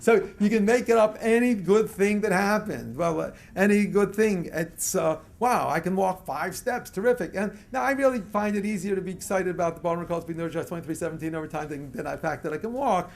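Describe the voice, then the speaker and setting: An older man from the United States speaks in a fairly high voice, giving a lecture to a live audience. He tells stories with frequent chuckles and leads the crowd in group chants. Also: fast, gravelly, few pauses. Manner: chuckles often while telling stories. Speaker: motivational speaker.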